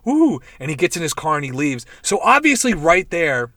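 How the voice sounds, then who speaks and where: A young man hosting a casual podcast, excitedly recapping and reviewing a show in a rambling, profane way. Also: a little high, brisk, no echo, clean studio sound. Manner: rambling, profane, animated retelling with quoted voices. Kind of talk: casual chat.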